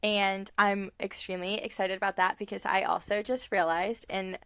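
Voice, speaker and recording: A woman's voice: medium pitch, flat delivery, normal speed, fairly bright tone, slight background noise. A young woman co-hosting a podcast in casual chat, rambling with lots of fillers and frequent laughs. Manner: chatty, rambling, laughs often, many fillers. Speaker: podcast co-host.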